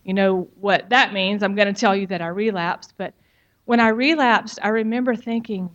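Woman, middle pitch, frank testimony speaker, conversational with emphatic asides, muffled audio. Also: steady tone, normal speed, fairly bright tone. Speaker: speaker giving a personal testimony. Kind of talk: personal testimony talk.

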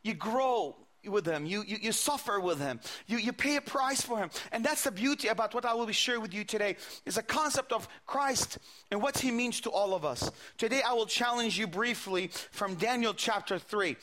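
A male preacher delivers a sermon, walking his listeners through a scripture story. His voice sits very high and sounds bright and forceful. He often repeats words as he builds each point. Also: normal speed. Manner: retelling scripture with quoted dialogue, frequent repetitions.

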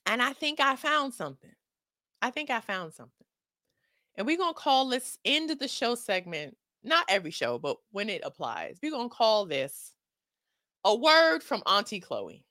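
Lively sassy woman talk-show host. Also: on the high side, normal speed, no echo, studio quality. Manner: sassy, emphatic, playful scolding. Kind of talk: casual comedic talk show closing.

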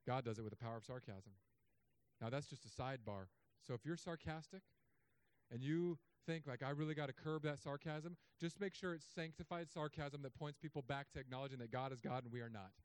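A man preaching a sermon as pastor, in his thirties, with humorous, sarcastic asides and animated swings in delivery. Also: mid-range voice, a little fast, clear, resonant tone, no room sound.

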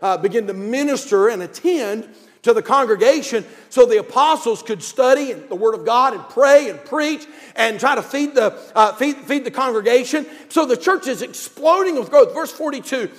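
High-voiced Southern pastor preaching in a hall. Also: male voice, expressive, moderate pace. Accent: North Carolina Southern US. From North Carolina, USA. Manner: fervent preaching with repetition, swinging from quiet asides to shouts. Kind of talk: sermon.

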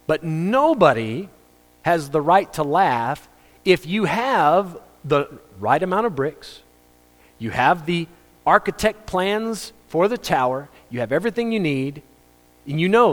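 Pastor guy preaching, kinda high voice, jokey and chatty, big hall echo. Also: very animated, unhurried. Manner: conversational, joking, acts out quoted voices. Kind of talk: sermon. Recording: long reverb of a hall.

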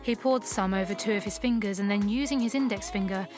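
Woman reading an erotic story, soft and slow, music playing clearly behind. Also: medium pitch. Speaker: narrator.

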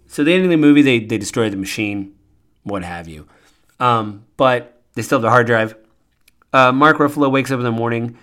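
A man's voice: medium pitch, a bit bright. A podcast host, a man, recapping a film in casual, earnest talk full of fillers and restarts.

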